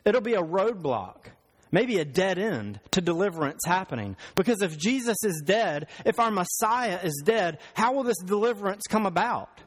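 A male pastor preaching a sermon, telling stories and slowing down for emphasis. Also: high-pitched, lively intonation, breathy edge. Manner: storytelling, slows for emphasis. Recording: long hall reverb.

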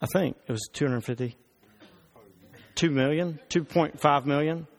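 A male pastor preaching a sermon, animated and emphatic, with rhetorical questions. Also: on the high side, normal speed, creaky.

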